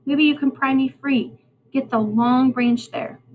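A woman's voice: high voice, fairly even intonation, measured pace, narrow, tinny audio, slight background noise, pitched above the performer's own voice. A woman voicing a rude, bossy boy who sneers and snaps orders, reading a storybook aloud. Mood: hoarse, impatient. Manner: sneering, sharp-tongued.

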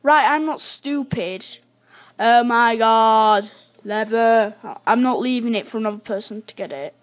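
Woman gamer, high voice, unhurried chatty self-commentary with excited yelps. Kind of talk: live gameplay commentary.

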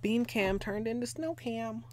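A woman's voice: a little high, lively intonation, a little slow, slight background noise. A woman hosting a casual nail polish livestream from her bedroom, rambling chattily with lots of fillers as she answers viewers' chat. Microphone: desk mic, moves away from it at times.

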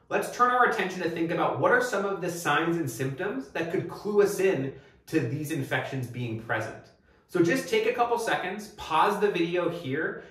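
A man lecturing on medicine in a methodical, step-by-step way, now and then turning to the viewer with questions. His voice sits a little high for a man. He sounds set back from the mic, and the room around him rings with heavy echo. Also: fairly bright tone, far from the mic. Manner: clear, methodical teaching with rhetorical prompts. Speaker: medical educator.

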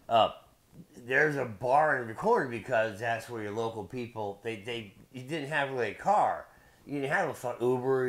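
A man from Belleville, Illinois, hosting his video blog in a loose, profane, rambling monologue full of tangents. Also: mid-range voice. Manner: loose, beer-drinking delivery. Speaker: video blogger host.

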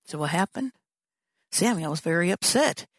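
A woman pastor with a fairly low, lively voice teaches a sermon at a moderate pace in a conversational way. She often slips into the voices of the people she describes, acting out prayers and dialogue. The church recording has no echo.

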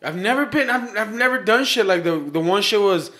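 A man with a fairly high voice and a sharp, bright tone, hosting a podcast. He talks loosely and rambles, slipping Spanish slang into his English. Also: lively intonation, brisk. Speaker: podcast host. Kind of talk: casual podcast chat.

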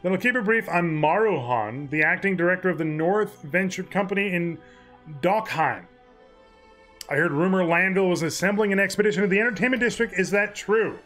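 A man reading the lines of a smooth-talking female merchant director from a game, in a fairly high voice. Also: fairly quick, a bit bright, soft background music. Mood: scheming. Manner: read aloud from game text.

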